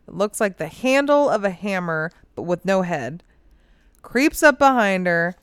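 A woman recounting a case for a casual podcast, unhurried and drawn out, with a smooth, clear voice. She swears freely and laughs often. The recording is close and dry. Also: lowish voice, fairly bright tone, dry recording. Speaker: podcast co-host. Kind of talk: casual true-crime chat.

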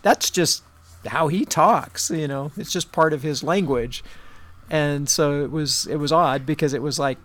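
A man's voice: on the high side, unhurried. A man in casual conversation, telling a rambling personal story and then a joke, with many fillers and restarts. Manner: rambling, animated joke-telling with acted quotes.

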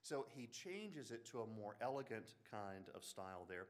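Southern man giving an animated lecture. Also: fairly low pitch, normal speed. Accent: Southern US, Alabama. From Birmingham, Alabama. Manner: animated, joking asides, frequent restarts. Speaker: Bible lecturer. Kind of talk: classroom lecture.

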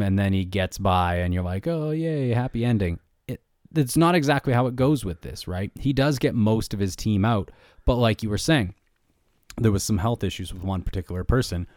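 A man with a lowish voice recaps a book for his co-host in easygoing conversation. He sprinkles in "like" and "you know" as he goes. The sound is close and dry. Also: no echo. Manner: relaxed storytelling with many "like" and "you know" fillers. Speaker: podcast co-host. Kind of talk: casual book review chat.

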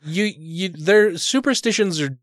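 A podcast co-host trades casual, profane banter, blunt and sarcastic, swearing often and laughing while he has the hiccups. His voice is high and unhurried, captured in clean studio sound with no echo.

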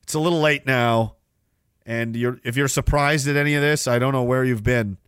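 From Canada, a man hosting a podcast delivers rambling political commentary that is sarcastic and profane. His mid-range voice is clear, resonant, and fairly bright, with fairly even intonation at normal speed, recorded dry with clean studio sound.

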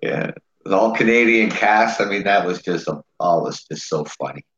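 A man's voice: low-pitched, lively intonation, normal speed, a bit bright. A man co-hosting a podcast in casual chat, easygoing and agreeable, laughing often. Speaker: podcast co-host. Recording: echoey room with dull lo-fi sound.

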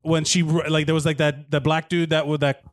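A man's voice: a little high, little pitch movement, a little fast, no echo, studio quality. Rambling, joking male podcast host. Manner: joking, rambling, many fillers. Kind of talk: casual comedic chat. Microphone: wireless lavalier.

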